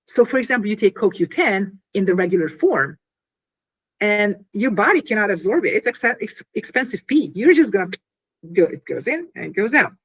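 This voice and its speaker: A woman talks through her invention in a loose, conversational interview. Her voice is a bit husky and swings widely in pitch as she piles on fillers and acts out quick scenes to make her point. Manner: animated, full of fillers, acts out little scenes. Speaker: inventor explaining her product. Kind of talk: casual explanatory interview talk.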